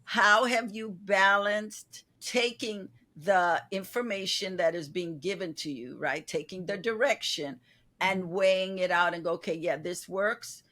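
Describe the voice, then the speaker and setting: A woman's voice: medium pitch, measured pace, sharp tone. A woman hosting an interview, asking long conversational questions and acting out quoted lines. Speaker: interview host.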